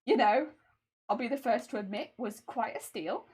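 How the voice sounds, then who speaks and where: A young woman chatting casually on a crafting live stream, telling stories in an animated way and answering chat. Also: mid-range voice, moderate pace, background noise. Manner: chatty, animated storytelling, reads chat aloud.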